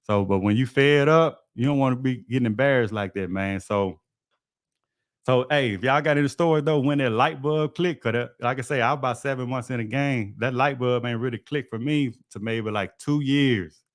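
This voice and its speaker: A mid-range voice, fairly quick, comes through a dry, clean studio recording. The man, an HVAC technician running a livestream, relaxes into folksy storytelling about his line of work.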